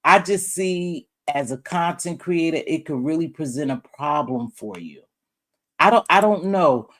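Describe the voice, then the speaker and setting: A woman's voice: sits low, lively intonation, unhurried, fairly bright tone. A woman giving casual, rambling live-stream commentary, talking straight to her chat and calling viewers sweet names. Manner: rambling, talks straight to chat and other creators; calls viewers terms of endearment.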